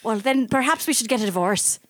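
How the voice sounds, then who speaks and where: A woman's voice: a little high, expressive, brisk, no room sound, clean studio sound. A woman improvising a crude, swearing Irish wife who bickers with her husband in a put-on Irish accent. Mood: brash bickering. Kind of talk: improv comedy role-play.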